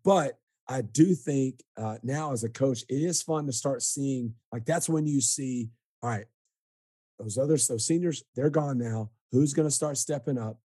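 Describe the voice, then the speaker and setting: A man's voice: mid-range voice, unhurried, warm tone, slightly rough, no echo, clean studio sound. A man hosting a casual podcast, talking in an easygoing way that stalls and restarts. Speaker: podcast host.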